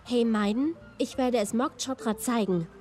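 Woman playing an eager young game maiden, brash, fairly high voice, faint music behind. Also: moderate pace, darkish tone, close to an everyday voice. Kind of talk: German game dub.

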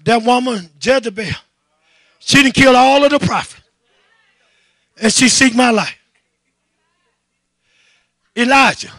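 A man preaching a fervent sermon as pastor, shouting repeated "my God" refrains and calling on the congregation to answer back. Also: extremely high pitch, a little slow, long pauses, dry recording.

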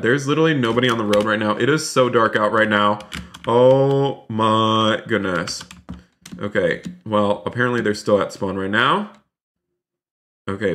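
A man's voice: medium pitch, pushed and bright. A man streaming a role-play game live, chatting to viewers and exclaiming often. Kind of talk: live gaming commentary.

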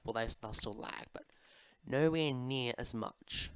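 Slow, rambling man chatting over gameplay. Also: medium pitch, fairly bright tone, slight background noise. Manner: rambling and chatty, with many fillers, asides to his pet. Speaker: Minecraft YouTuber. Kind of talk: casual gameplay commentary answering viewer questions. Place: home room at his desk.

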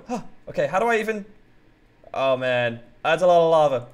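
A man hosting a game roleplay who talks excitably and keeps yelling out names and exclamations. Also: a little high, brisk.

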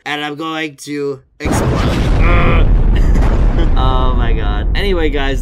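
A young man telling a story-time vlog, animated and acting out his customers with sudden shouts. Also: medium pitch. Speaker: vlogger.

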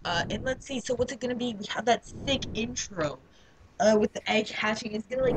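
A man's voice: extremely high pitch, a little fast, noisy background. A man co-hosting a let's play, chatting casually and laughing often as he comments on the game. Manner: giggly, rambling, jokey.

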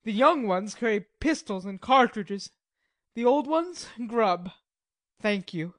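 A woman's voice: mid-range voice, expressive, slow, no echo. A woman reading a nervy, wry male Swiss soldier. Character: weary hungry male Swiss mercenary soldier. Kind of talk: audiobook drama reading.

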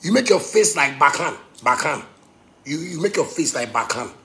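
Man, Ghanaian Pidgin English accent, angry rant, gravelly, slightly high voice, heated outbursts and low mutters. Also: big pitch swings, normal speed. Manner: heated, swinging between shouting and muttering.

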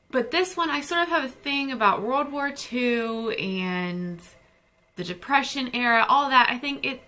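A woman's voice: fairly high pitch, pushed and bright. A young woman chatting casually and gushing about books she received. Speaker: book vlogger. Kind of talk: casual book haul chat.

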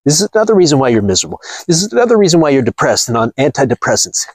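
A man rants to his viewers in a blunt, mocking monologue while out walking. His voice is a bit husky and jumps lively in pitch. The sound is dry and close. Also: rapid-fire, dry recording. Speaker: vlogger. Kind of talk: casual ranting monologue.

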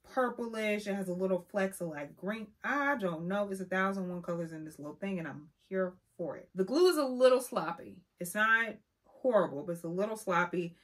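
A young woman vlogger reviewing press-on nails in a sassy, expressive way, calling her viewers honey. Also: lowish voice, moderate pace, few pauses. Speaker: beauty vlogger. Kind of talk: casual product review.

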